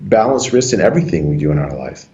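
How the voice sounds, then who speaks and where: A man's voice: a bass voice, very animated, quick pace, warm tone, highs cut off. A man appearing as a doctor guest in a TV interview, talking hesitantly and restarting often.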